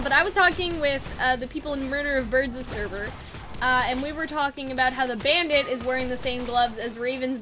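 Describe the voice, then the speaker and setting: A woman's voice: high voice, noisy background. A woman hosting a casual review chat, talking in a loose, chatty way full of "like" and "you know what I mean.". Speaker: anime review show host.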